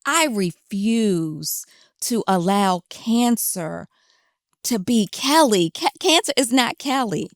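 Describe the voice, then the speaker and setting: A woman guest telling her story candidly in an interview, emphatic and animated when she quotes herself. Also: fairly high pitch, takes it slowly, no room sound, studio quality.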